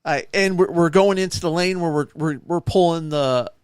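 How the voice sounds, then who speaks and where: On a casual podcast, a male co-host tells animated anecdotes, performing the people he quotes. His smooth voice is fairly high and moves at a normal speed, captured in a dry, studio-quality recording.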